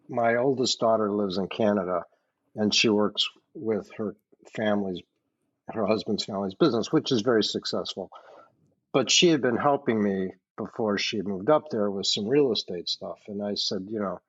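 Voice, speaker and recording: A man's voice: lowish voice, moderate pace, a bit bright, breathy edge. Blunt, profane middle-aged man, dull audio. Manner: blunt and profane, self-deprecating, laughs while talking. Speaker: podcast guest. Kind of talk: casual podcast chat.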